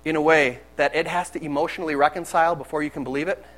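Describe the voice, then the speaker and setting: A man with a high voice preaching a sermon. He talks candidly and conversationally, telling his own stories to the congregation. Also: steady tone, rapid-fire, fairly bright tone, low-quality recording.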